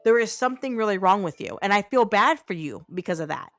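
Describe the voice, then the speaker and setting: A woman's voice: medium pitch, animated, fast, no room sound. Lady ranting on her game stream, blunt, cusses a lot, faint music under her. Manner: blunt, ranting, swears freely. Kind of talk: casual live-stream chat.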